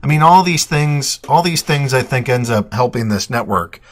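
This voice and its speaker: A man's voice: mid-range voice, expressive, moderate pace. Rambling American male host. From United States. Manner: rambling, teasing, restarts phrases. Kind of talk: casual chat.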